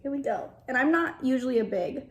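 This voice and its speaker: Young woman beauty vlogger doing makeup first impressions at home, gushing and often whispering, slightly high voice. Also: animated, quick pace. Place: home, at a mirror.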